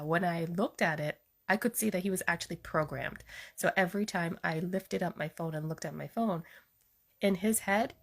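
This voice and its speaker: Woman, spiritual healer, casual monologue, chatty storytelling, frequent fillers, slightly low pitch.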